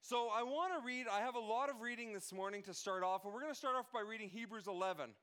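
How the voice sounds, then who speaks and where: A man's voice: high-pitched, fast, fairly bright tone, clean tone. A man preaching a sermon as pastor, talking earnestly and often restarting his phrases. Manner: earnest, repeats and restarts phrases, lists names.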